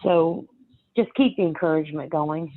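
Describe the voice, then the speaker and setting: An older woman, the host's mother, speaking earnestly and gently as a guest in a casual podcast chat. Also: low-pitched, normal speed. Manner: earnest, gives gentle parenting advice. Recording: tinny phone line.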